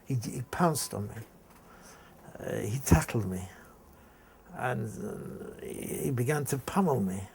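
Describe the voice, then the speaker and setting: An older man from England recounting a school memory in an interview, telling it haltingly with frequent restarts. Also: mid-range voice, expressive, creaky, a little mellow, a little hiss or hum. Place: indoor room.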